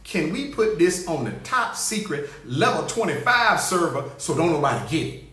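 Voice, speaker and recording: A man putting on the voice of a blustering, scheming older male president, low and drawling. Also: big pitch swings, moderate pace, pushed and bright. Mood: wheedling. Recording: roomy echo.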